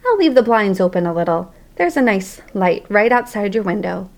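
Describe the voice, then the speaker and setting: A woman's voice: mid-range voice, animated, normal speed, natural voice. A woman voicing a friendly, joking middle-aged male janitor in a storybook reading.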